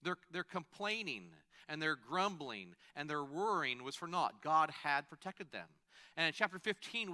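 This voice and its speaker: A man's voice: a little high, pushed and bright. A man preaching a sermon in a conversational way, stopping to restart phrases and add asides. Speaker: pastor.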